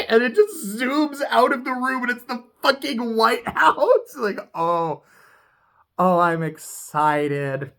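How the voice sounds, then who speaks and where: A speaker casually recapping a TV episode, excitable and profane, laughing often. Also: mid-range voice, slow pace. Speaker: TV show reviewer.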